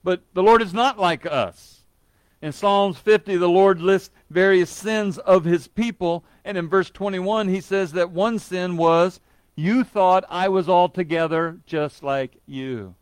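A man's voice: fairly high pitch, dry recording. A man preaching a sermon in an earnest, emphatic way, stressing words by repeating them, with an occasional light joke.

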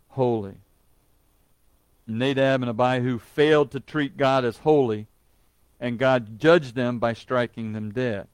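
A man's voice: a little high, dry recording. A man preaching a sermon in an earnest, emphatic way, stressing words by repeating them, with an occasional light joke.

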